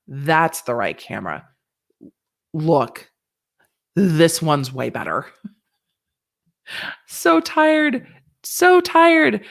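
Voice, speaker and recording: A woman lawyer hosting a casual livestream and chatting with viewers in a rambling, playful way. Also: fairly low pitch.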